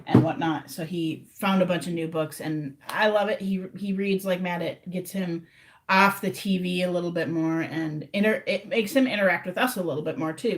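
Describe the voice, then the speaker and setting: Female streamer, relaxed rambling chat with viewers from her room. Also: lowish voice. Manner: rambling, chatty, talks to viewers directly. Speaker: livestreamer. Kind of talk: casual livestream chat.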